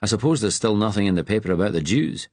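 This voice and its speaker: A man's voice: lowish voice, expressive, quick pace, darkish tone, dry recording, voice pushed up. A man voicing Ben, a wry, joking Glaswegian resistance man with a Glasgow accent, read in a storybook audiobook. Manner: light, teasing.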